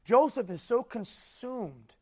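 Male preacher, high voice, lively storyteller who quizzes the room and jumps from hushed to loud. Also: takes it slowly, slightly rough. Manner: animated storytelling, asks the audience questions; swings between soft and loud. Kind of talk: sermon.

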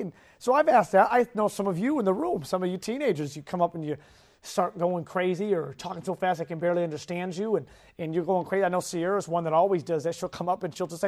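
A man in his thirties preaching a sermon to teenagers as their youth pastor, animated and playful, acting out kids' voices in his stories. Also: sits high, fast.

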